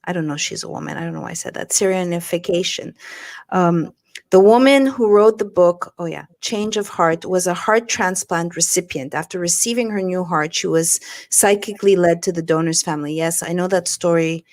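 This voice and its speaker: A woman co-hosts a relaxed livestream and talks in a slightly low voice. She jumps in with quick, playful remarks and casual asides. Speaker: livestream host.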